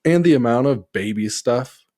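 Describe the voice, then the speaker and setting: A man's voice: medium pitch, lively intonation, moderate pace, mellow. A man co-hosting a podcast in casual chat, laid-back and jokey. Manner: laid-back, jokey, quotes others in put-on voices. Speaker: podcast co-host. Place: small home studio room.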